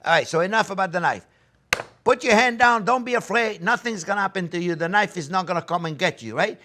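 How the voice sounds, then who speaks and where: Addressing his audience like old friends, an older cooking-show host runs a demonstration in an eager, coaxing manner. He speaks quickly in a high-pitched voice, with noise in the background.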